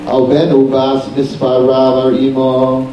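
Mellow-voiced man preaching in an echoey hall. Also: medium pitch, completely flat delivery, measured pace, highs cut off, a little hiss or hum. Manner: dramatic storyteller. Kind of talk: storytelling sermon. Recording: very echoey hall, distant mic.

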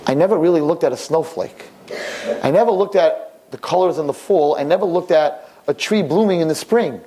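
A man's voice: on the high side, fairly quick, mellow, lightly acted, rough recording. A man voicing an old blind man in a nursing home who pleads and repeats himself insistently. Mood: tender, grateful.

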